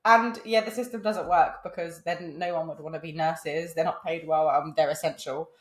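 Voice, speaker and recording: A woman's voice: sits low, fairly even intonation, moderate pace, roomy sound. A young woman co-hosting a podcast, speaking frankly and bluntly in casual chat. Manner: frank, blunt, laughs easily. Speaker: podcast co-host.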